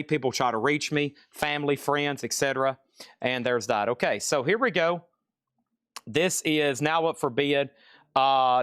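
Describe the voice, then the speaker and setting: Casting: male live-sale host, slightly higher voice, quick auction patter, dry close sound. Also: a bit bright, dry recording. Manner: brisk, apologetic, listing items and prices.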